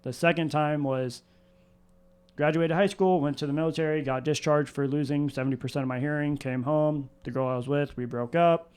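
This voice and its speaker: A man speaks with a fairly high, smooth and resonant voice. He tells his story in an earnest, confessional way and keeps circling back on the same words. It is candid podcast storytelling. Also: steady tone, a little fast, a little mellow. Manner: earnest, confessional, repeats phrases.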